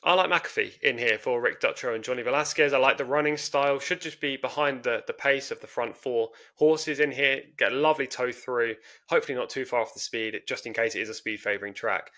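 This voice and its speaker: A man in casual podcast chat, working through race form point by point and hedging his calls. His voice is bright and forward at a middling pitch, and his talk is analytical and measured. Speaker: podcast co-host. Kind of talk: casual horse racing preview chat.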